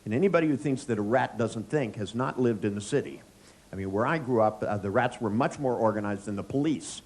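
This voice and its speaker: A man's voice: on the low side, a little fast, a little mellow, a little hiss or hum. A middle-aged man, a therapist, giving a live seminar lecture, joking, telling anecdotes and quizzing the audience. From United States.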